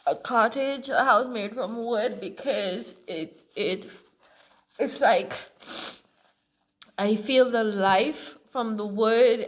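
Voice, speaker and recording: A woman talking candidly to camera in a blunt, profane and emotional personal monologue. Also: fairly high pitch. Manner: earnest, emotional storytelling.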